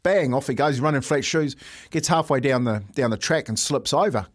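A man's voice: medium pitch, moderate pace. A man co-hosting a sports radio show, telling yarns in casual banter and calling everyone "mate". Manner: animated yarn-spinner, peppers talk with "mate". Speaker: sports radio co-host and player. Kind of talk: casual sports chat, storytelling.

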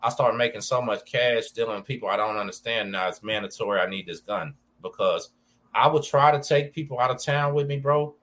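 A man's voice: mid-range voice, brisk, fairly bright tone. A man with a Texan accent hosting a podcast, talking casually in laid-back street slang. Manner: laid-back street slang, calls listener dog and bro. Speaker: podcast host. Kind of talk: casual conversation about prison life.

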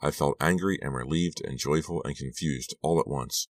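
A man narrating an audiobook in a measured, dramatic first-person reading. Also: extremely low pitch, no echo. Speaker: audiobook reader.

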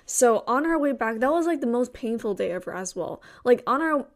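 Young woman from Taiwan, casual storyteller, higher voice with vocal fry. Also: lively intonation, fairly quick. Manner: rambling storyteller with frequent restarts and fillers. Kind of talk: casual chat.

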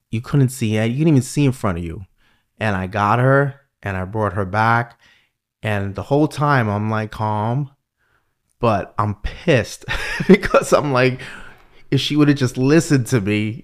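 A middle-aged podcast host with a voice on the low side chats casually at a moderate pace, telling stories animatedly and often repeating words.

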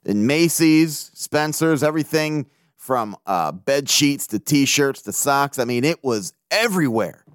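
A man's voice: medium pitch, expressive, a little slow, no echo, clean studio sound. A man from the area, hosting a casual sports podcast, brash and joking and swearing freely. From Baltimore area. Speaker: podcast host.

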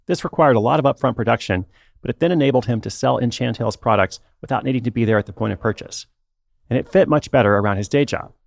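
A man's voice: mid-range voice, fast, creaky, no room sound. A man narrating a business story as podcast host, with dry joking asides. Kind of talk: scripted narration.

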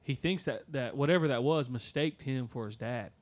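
A man of middle pitch tells a story on a podcast. His delivery is loose and conversational, and he often stops and restarts his sentences with lots of fillers. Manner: halting, many fillers and restarts. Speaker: podcast host. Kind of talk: casual storytelling.

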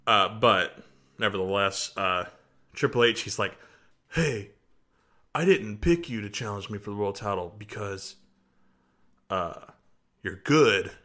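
Unhurried and pausing often, a low-voiced podcast co-host chats casually about wrestling. He laughs a lot, stays animated, and shouts in character for quotes.

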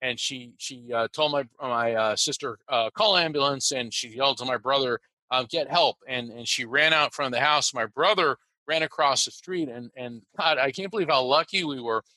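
Guy from the us telling his story, super bright voice, dry close sound, keeps restarting. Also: medium pitch, dry recording, low-quality recording. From United States. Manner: animated, halting with many restarts. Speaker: interview guest. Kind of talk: personal storytelling.

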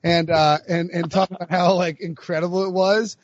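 A man's voice: high voice, level tone, brisk, dry recording, lo-fi sound. A man hosting a casual sports podcast, rambling with lots of fillers and laughing as he talks. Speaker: podcast host.

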